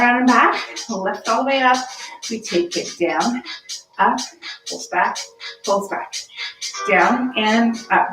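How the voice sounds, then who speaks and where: A woman's voice: mid-range voice, fairly bright tone, far from the mic. A woman fitness instructor leading a home workout, upbeat and encouraging, counting reps while slightly out of breath. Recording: echoey room, voice from off-mic. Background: background music.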